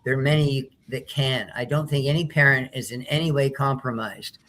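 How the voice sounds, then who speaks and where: A man from Canada, a guest in a casual chat, making his points in a measured, argumentative way. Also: mid-range voice, steady tone, fairly bright tone, slight background noise.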